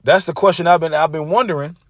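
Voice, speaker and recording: A man's voice: a little high, steady tone, fast, dry recording, studio quality. A man preaching combatively, reading scripture aloud and mocking rival preachers. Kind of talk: street-preacher sermon video.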